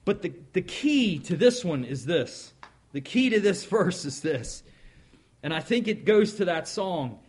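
A man preaching a sermon in a folksy way, stretching out words and swinging between loud stresses and quiet asides. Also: high-pitched, sing-song, a little slow, husky. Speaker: pastor.

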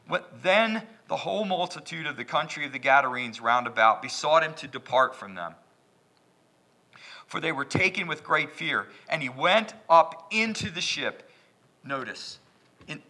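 A man preaching a sermon in a church, swinging from loud, emphatic bursts down to hushed whispers. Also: medium pitch.

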